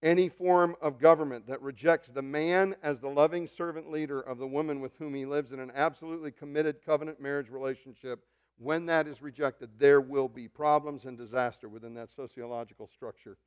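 A man preaching a sermon as pastor, dropping to hushed murmurs and rising to loud, animated preaching, with joking asides to the congregation. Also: on the high side, brisk, clean tone.

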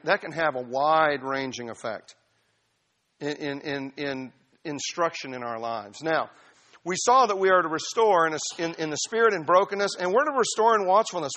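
A middle-aged man preaching from the pulpit with a notably high voice. His tone is bright and forward as he explains a passage. He keeps it conversational and emphatic, weaving in personal stories like he's talking with his own church family. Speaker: pastor. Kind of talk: expository sermon.

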